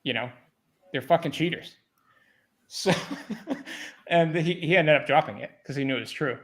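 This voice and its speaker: A man's voice: on the high side, moderate pace. A man telling stories in a casual livestream chat, swearing often and acting out his past conversations. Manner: profane, animated retelling of exchanges.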